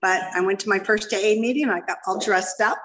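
A middle-aged woman speaks quickly in a mid-range, fairly bright voice, telling her own story with candor and self-deprecation at a recovery meeting. She's addressing a live audience in a meeting room, and the mic catches her from a distance.

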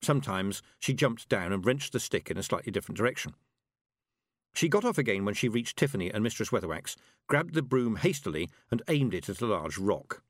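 Guy reading an audiobook, animated delivery, dry close mic. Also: fairly low pitch, brisk, no echo. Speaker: audiobook narrator. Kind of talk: scripted narration.

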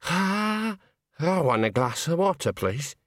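A male narrator voicing a stunned male opera tenor who speaks slowly and groggily. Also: a little high, sing-song, no echo, clean studio sound, voice pushed up, heavily acted. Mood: dazed.

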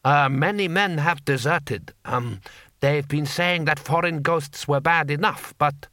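A man's voice: a little high, a little slow, bright, forceful tone, dry recording, pitched above the performer's own voice. A man voicing a nervous male warlord who hesitates and stumbles over his words. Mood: hesitant.

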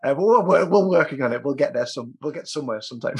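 A man hosting a podcast, bantering in a relaxed way with his guest. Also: medium pitch, fast, vocal fry, slightly rough. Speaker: podcast host. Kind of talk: casual podcast chat.

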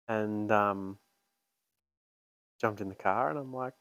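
A man in his mid twenties tells a story on a podcast in a laid-back, joking way, swearing now and then. His voice is low and the sound is dry and close, with little room around it. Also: takes it slowly, long pauses, a bit bright, no echo. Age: 20s. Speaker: podcast co-host. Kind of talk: casual chat.

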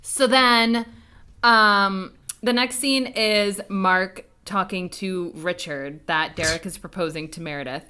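Bright-voiced woman in animated casual chat. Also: mid-range voice, takes it slowly, clean tone. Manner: animated, swears freely, acts out characters' lines. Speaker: podcast co-host. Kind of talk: casual chat recapping a TV episode.

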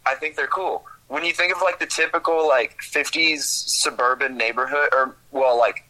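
A young man talks in a casual, laid-back way on a podcast. His voice is bright and forward, with a medium pitch. He rambles and hesitates as he works toward his point. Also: moderate pace, low-quality recording. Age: young adult. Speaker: podcast guest. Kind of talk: casual chat.

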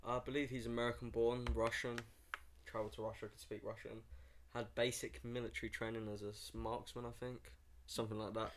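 A man's voice: mid-range voice, level tone, brisk, a little hiss or hum. A young man co-hosting a casual podcast, laid-back and crude, swearing freely. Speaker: podcast co-host. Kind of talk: casual joking podcast chat.

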